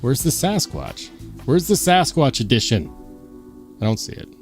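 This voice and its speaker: A man's voice: mid-range voice, wildly swooping pitch, unhurried, soft background music. A man hosting a live stream, chatting casually and rambling to his viewers, calling them guys. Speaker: livestream host.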